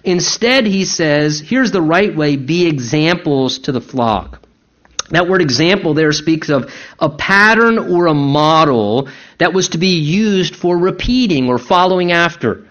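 A man preaching a sermon, earnestly exhorting the congregation, repeating key words and slowing down or speeding up for emphasis. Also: a little high, lively intonation, fairly bright tone, muffled recording. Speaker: pastor.

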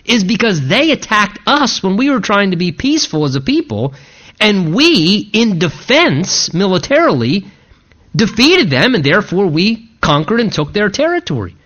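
A man's voice: high voice, fairly bright tone. A man preaching an expository sermon, working verse by verse and breaking into conversational asides. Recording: dull lo-fi recording.

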